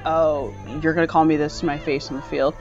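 Young female athlete, lively storyteller, muffled lo-fi audio, music bed. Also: low-pitched, brisk. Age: young adult. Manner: animated, laughs often, acts out dialogue. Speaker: soccer player, interview clip. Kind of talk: casual storytelling.

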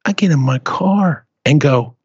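A man with a slightly high voice chats and rants, his pitch swinging widely as he tells a swearing story. The sound is dry and a bit dull. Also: unhurried, breathy edge, dry recording. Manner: animated, profane storytelling rant. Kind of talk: casual chat.

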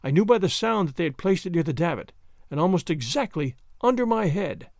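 A man reading a story aloud as narrator, expressive and dramatic. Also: high-pitched, a little fast, creaky, no echo, clean studio sound. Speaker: audiobook reader.

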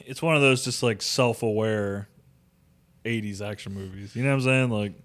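A man's voice: lowish voice, normal speed, a bit bright. A man co-hosting a podcast, joking and cursing casually while discussing a movie. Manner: profane, loose, joking. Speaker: podcast co-host. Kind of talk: casual movie review banter.

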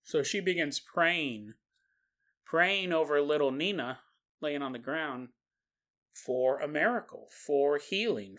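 Slow, bright-voiced man telling a story. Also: a little high. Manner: conversational, digressive, with asides to the listener. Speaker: podcast host. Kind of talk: casual podcast storytelling.

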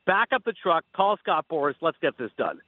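A man's voice: on the high side, normal speed, dry recording. A man calling in as a sports analyst guest on a radio show, talking animatedly and acting out imagined conversations over a phone line. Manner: animated, acts out imagined dialogue. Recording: tinny dry phone line.

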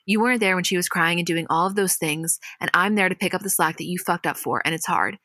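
A woman's voice: on the low side, fast talker, sharp tone, no echo, studio quality. A woman reading as a furious young woman. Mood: indignant. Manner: quoting lines verbatim, heated. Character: furious young woman confronting her sister.

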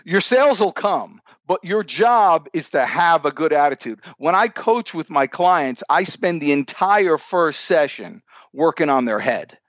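An animated man, a sales coach, tells stories on a podcast with a lively, rather high voice that swoops up and down. He acts out his dialogue with energy while standing. The sound is dry and a little dull. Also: a little slow, no room sound. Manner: animated, upbeat storyteller who acts out dialogue. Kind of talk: storytelling in a podcast interview.

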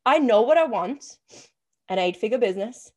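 A young adult woman co-hosting a casual podcast as a business coach, energetic and swearing freely, with lots of "like" fillers. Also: fairly high pitch, normal speed, muffled recording.

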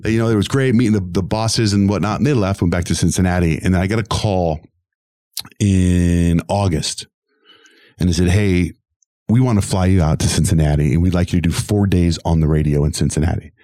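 In an interview, a middle-aged radio host recounts his story, speaking quickly in a very low voice. He's animated, slipping into the voices of the people he quotes. The sound is dry and close with no echo.

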